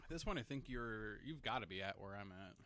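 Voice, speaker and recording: Man, fairly low voice, casual gaming podcast, wry short quips. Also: animated, a little fast, a bit bright. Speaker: podcast co-host.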